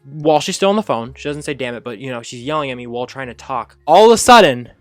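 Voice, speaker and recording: A man casually telling a funny childhood story, rambling with fillers and self-corrections and jumping up high when he acts out his younger self. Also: lively intonation, quick pace, dry recording, soft background music. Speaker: storyteller host.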